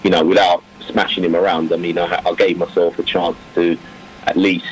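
This low-pitched man delivers his words flatly at a moderate pace, and the low-quality audio carries a little hiss or hum. Now coaching after his cricket career, he wanders through interview answers with plenty of fillers, restarts, and warm laughs.

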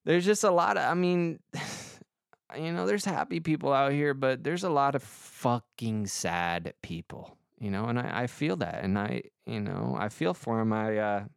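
Young male podcast host, rambling and profane, smooth clear voice, dry close sound. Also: mid-range voice, lively intonation, measured pace, no echo. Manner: rambling, swears a lot, self-deprecating. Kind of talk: casual comic monologue.

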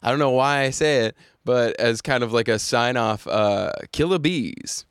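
A man's voice: medium pitch, moderate pace, a bit bright, clean tone, no echo, studio quality. A man guesting on a podcast, chatty and sarcastic, laughing often as he talks. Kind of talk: casual chat.

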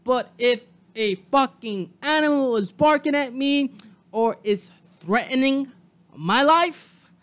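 Solo podcast host, high voice, profane angry rant with shouted peaks.

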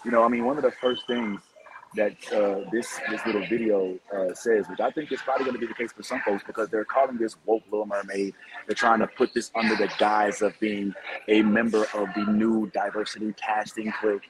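A man's voice: on the low side, moderate pace, background noise. A man hosting a casual podcast discussion, throwing questions to his co-hosts. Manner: animated, asks the others questions. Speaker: podcast host.

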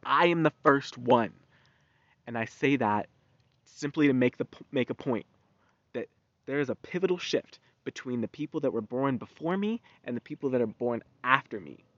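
A young man in his twenties hosting a podcast, talking in a rambling, profane, animated monologue. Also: mid-range voice, normal speed, no echo. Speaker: podcast host. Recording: dull, dry lo-fi recording.

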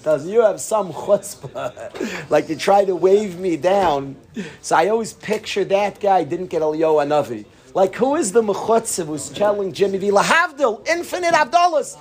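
A man giving a lively Torah talk, telling a story and mixing in Yiddish and Hebrew words. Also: high voice.

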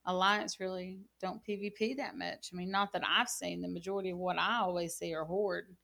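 Woman co-host chatting about games, kinda low voice, rambles on with lots of likes. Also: little pitch movement, a little fast, vocal fry, pushed and bright. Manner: rambling storyteller, lots of "like" and "you know". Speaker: gaming channel co-host. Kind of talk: casual gaming chat.

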